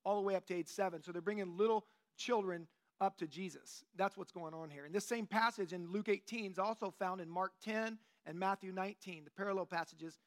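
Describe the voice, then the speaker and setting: A man in his late forties giving a relaxed, joking sermon to a church group in a conversational way, with plenty of fillers. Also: high voice, brisk, hardly any pauses. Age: 40s. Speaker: lay teacher. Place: church meeting room.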